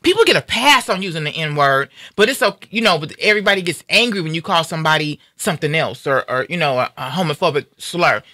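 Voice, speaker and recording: A woman's voice: sits low, lively intonation, fast, hardly any pauses, bright, forceful tone, no echo, studio quality. A woman hosting a talk radio show, delivering an angry, emphatic and defiant rant.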